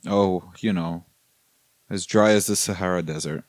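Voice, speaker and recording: A man co-hosting a casual podcast, giving dry, deadpan short answers. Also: sits low, moderate pace, no echo. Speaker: podcast co-host. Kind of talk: casual chat.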